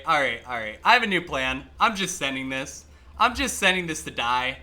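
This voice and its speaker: An excitable male streamer with a high, bright, sharp-edged voice that jumps all over its range. He talks straight to his chat, curses freely and breaks into laughs and shouts at the game. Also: moderate pace, slight background noise. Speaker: livestreamer. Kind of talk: live gameplay commentary.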